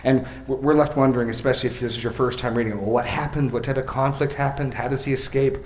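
Preacher teaching a passage in an echoey room. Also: male voice, mid-range voice, steady tone, fast, a little hiss or hum. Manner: expository, asks questions, repeats phrases for emphasis. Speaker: pastor. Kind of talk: sermon.

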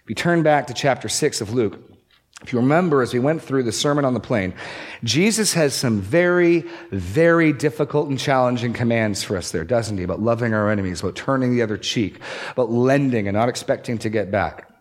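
A man's voice: mid-range voice, brisk. A man preaching a sermon, expository and emphatic, pushing up and dropping down to stress key words. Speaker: pastor.

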